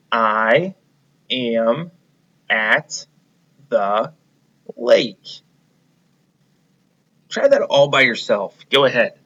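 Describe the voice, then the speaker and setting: A man's voice: medium pitch, a bit bright, muffled recording. A man teaching a reading lesson to young children, encouraging them and leading them step by step. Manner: slow, encouraging, leads the class step by step.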